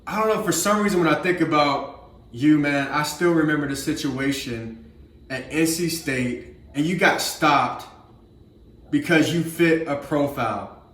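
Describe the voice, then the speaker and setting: A man's voice: a little high, measured pace, a bit bright. Earnest male host, echoey room. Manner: earnest, asks questions. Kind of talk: casual discussion.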